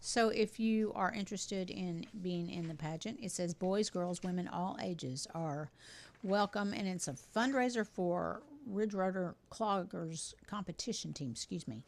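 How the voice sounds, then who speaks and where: A woman's voice: fairly low pitch, vocal fry. Chatty, upbeat woman co-host. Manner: chatty and upbeat, quick asides. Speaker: co-host of a local TV talk show. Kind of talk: casual chat reading community announcements.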